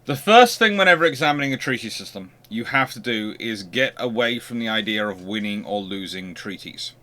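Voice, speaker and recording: A man's voice: lowish voice, animated, fairly quick, pushed and bright. A man hosting a history channel, giving an unscripted lecture and posing rhetorical questions as he explains.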